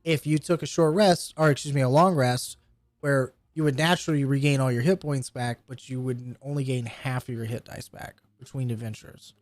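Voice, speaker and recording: Patient game master talking rules. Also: male voice, mid-range voice, steady tone, fairly quick, few pauses, darkish tone, dry recording. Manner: patient rules explainer, loose with fillers. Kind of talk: running a tabletop game over voice chat.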